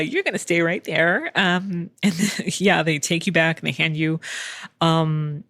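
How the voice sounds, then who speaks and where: A woman's voice: low voice, vocal fry, dry recording. A woman hosting a podcast, telling a personal story in a candid, chatty way, laughing often and swearing casually. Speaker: podcast host. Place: home in Texas.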